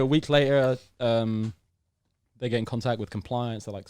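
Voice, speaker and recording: A man's voice: medium pitch, normal speed, clear, resonant tone, no echo. A young British man in his twenties, a podcast guest telling a story in casual conversation and acting out the dialogue. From United Kingdom. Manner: lively storyteller who acts out the dialogue.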